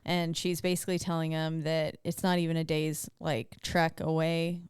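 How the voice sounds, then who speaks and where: A woman's voice: low voice, flat delivery, normal speed, darkish tone, clear, resonant tone, dry recording, studio quality. A woman co-hosting a casual movie recap chat, retelling scenes and quoting characters with playful sass. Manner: chatty storyteller, quotes characters with playful sass. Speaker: podcast co-host.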